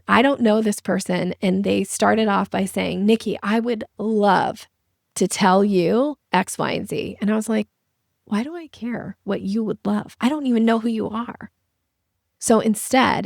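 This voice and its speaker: A woman sales trainer giving an energetic masterclass, acting out little voices to make her points. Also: medium pitch, creaky, dry recording, clean studio sound. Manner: lively, acts out little voices and examples. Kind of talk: webinar masterclass presentation.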